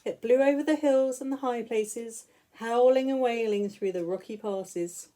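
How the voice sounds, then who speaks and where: A woman teacher reading picture books aloud to young children in an expressive, sing-song way. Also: a little high, measured pace. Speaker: school teacher.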